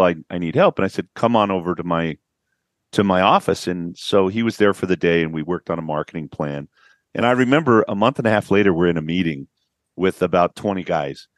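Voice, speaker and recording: A man's voice: low voice, no room sound, studio quality. A man, a business coach, telling stories of clients on a podcast and acting out their quotes. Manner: storytelling, acts out quotes with a rising voice. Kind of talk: podcast interview.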